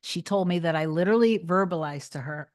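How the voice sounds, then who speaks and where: A woman with a slightly low voice chats casually on a livestream. She rambles, restarts her sentences and fills gaps with "um" and "like". When she gives advice her voice goes soft and reassuring. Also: brisk. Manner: chatty, rambling, with many restarts and fillers. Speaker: manifestation coach answering live chat.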